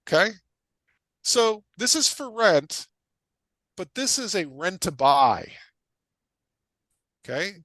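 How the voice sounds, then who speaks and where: A middle-aged man who invests in real estate guest-teaches an energetic live online class, hammering points home with repeated questions and quick casual tangents. His high voice has big pitch swings and a bright, forceful edge, recorded close and dry with no echo.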